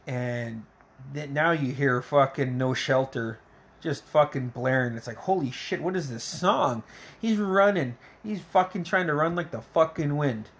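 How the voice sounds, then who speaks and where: A man's voice: medium pitch, a bit bright. A man casually retelling a film scene by scene, swearing constantly and acting out the characters' lines. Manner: rambling, heavy swearing, acts out quotes. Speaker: movie reviewer. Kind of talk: casual profane movie recap.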